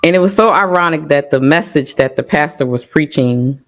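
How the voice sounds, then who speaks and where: A woman's voice: low-pitched, moderate pace. A middle-aged woman sharing an emotional personal testimony on a talk show, full of fillers and trying not to cry. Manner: emotional, holding back tears, many fillers. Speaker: podcast guest sharing testimony.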